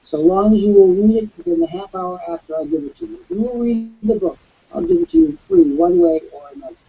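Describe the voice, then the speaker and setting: A man hosting a promotional webcast as an author, pitching an offer in a grand, salesman-like way. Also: sing-song, fast talker, creaky, breathy edge. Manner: grandiloquent, salesman-like delivery with sweeping pitch swings. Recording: dull lo-fi webcast audio.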